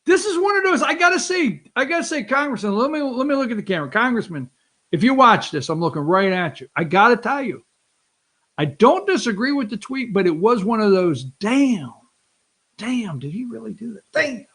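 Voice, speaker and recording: A man hosting a political talk show, brash and excitable, with sarcastic asides. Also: very high voice, fairly quick. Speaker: show host. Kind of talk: animated political commentary.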